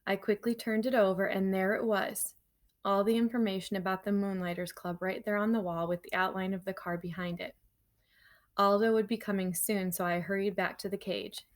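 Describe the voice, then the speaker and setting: A woman teacher reading a children's novel aloud to her class in a lively storytelling manner, breaking off for casual asides to her students. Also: medium pitch, fairly quick.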